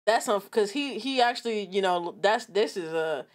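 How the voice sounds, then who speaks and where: A woman's voice: mid-range voice, lively intonation, normal speed. A young woman giving casual, blunt reaction commentary on a video, laughing often and swearing freely.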